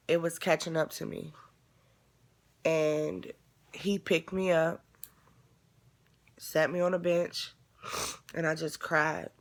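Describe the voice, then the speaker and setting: A woman with a low, gravelly voice recounts a painful memory for her vlog. She talks casually and candidly and swears freely. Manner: casual, profane, candid retelling. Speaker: vlogger. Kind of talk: emotional personal storytelling.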